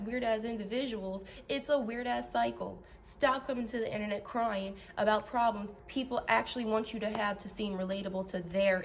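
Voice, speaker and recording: A woman ranting bluntly and profanely to her vlog audience, heated and animated, swinging between loud and soft. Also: medium pitch, a little hiss or hum. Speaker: vlogger.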